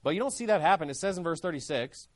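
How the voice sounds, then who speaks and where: A man's voice: on the high side, lively intonation, quick pace. A man preaching a sermon, fervent and emphatic.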